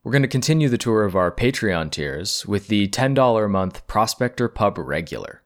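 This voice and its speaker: A man with a fairly low voice runs a tabletop game as its game master. He describes scenes calmly and in detail, like a storyteller setting the stage for his players. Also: moderate pace.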